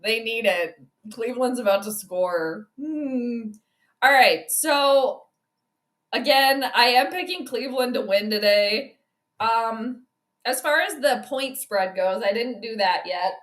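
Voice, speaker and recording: Woman, live-stream football commentary, chatty, excitable, laughs a lot, bright tone, slightly high voice. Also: slow. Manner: chatty, excitable, laughs often, reads chat aloud. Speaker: stream host giving game commentary.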